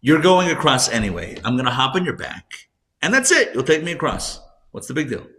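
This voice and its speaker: A man's voice: medium pitch, big pitch swings, a little fast, sharp tone. A man doing a sly sweet-talking scorpion. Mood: coaxing. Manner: coaxing, then shrugging. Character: scheming male scorpion, smooth-talking and self-excusing.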